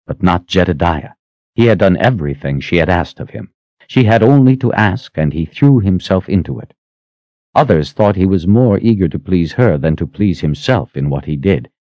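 A man narrates a fantasy novel with a very deep voice and a lively, expressive delivery. The reading is dramatic and carefully scripted. The recording is dry, with a slightly dull, muffled tone. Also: no echo. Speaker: audiobook narrator.

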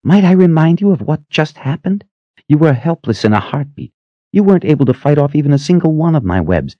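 Man putting on a young woman sorceress, hushed whispering, stern, high and lifted above his own voice, dry muffled audio. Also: very animated, brisk, slightly rough, no room sound. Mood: harsh scolding. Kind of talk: audiobook character voice.

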